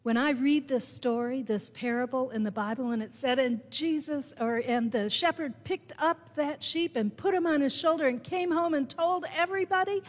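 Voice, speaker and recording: A woman pastor with a Midwestern American accent, preaching a sermon and telling a personal story with deliberate, emphatic delivery. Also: fairly high pitch. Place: church sanctuary. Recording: long hall reverb in a church.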